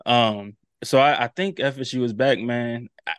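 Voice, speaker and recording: A man, a guest on a sports podcast, chatting about football in a relaxed, slangy way. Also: medium pitch, moderate pace, clean tone, no echo, studio quality. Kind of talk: casual sports chat.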